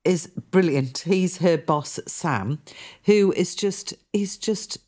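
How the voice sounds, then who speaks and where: A woman's voice: fairly low pitch, slow pace, a little mellow. A woman presenting on a radio show, chatting enthusiastically about a TV series she has been watching. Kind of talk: casual chat on a radio show.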